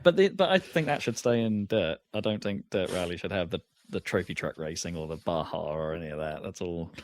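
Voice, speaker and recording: A man's voice: sits low, animated, fairly quick, a little hiss or hum. A man co-hosting a podcast in casual chat, rambling with lots of restarts and fillers. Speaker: podcast co-host.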